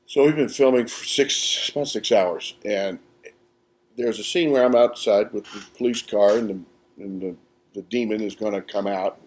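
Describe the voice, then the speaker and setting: A man's voice: lowish voice, moderate pace. Guy telling funny behind-the-scenes stories, acts out the voices, live podcast in a little theatre. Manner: animated, acts out quotes with laughter. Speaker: actor telling set stories as guest. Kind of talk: casual anecdotal storytelling.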